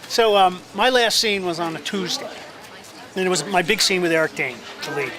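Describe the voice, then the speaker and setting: A man telling an animated story about his first film role in a casual interview, acting out the other people's lines. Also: sits high, normal speed. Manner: animated storyteller, acts out quotes, many restarts. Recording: crowd noise outdoors.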